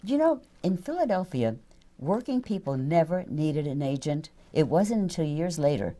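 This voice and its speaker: A woman's voice: low voice, very animated, moderate pace, warm tone. An older woman, a voice actress, chatting as an interview guest, laughing easily and poking fun at herself. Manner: chatty, laughs often, self-deprecating. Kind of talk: casual interview chat.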